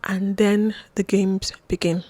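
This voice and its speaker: A young woman talks straight to the listener in a chatty, wry storytelling voice, full of asides and little mimicked lines. Her pitch sits in an ordinary middle range. The sound is dry and close, with no room echo. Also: level tone, slow pace, dark tone. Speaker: vlogger. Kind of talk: casual storytelling to camera.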